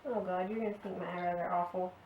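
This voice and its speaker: A woman's voice: fairly low pitch, fairly even intonation, fast talker, gravelly, distant mic, dull audio. A young woman co-hosting a casual beauty vlog, playful and self-deprecating. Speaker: beauty vlogger. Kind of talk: casual chat. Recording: echoey room, faint noise.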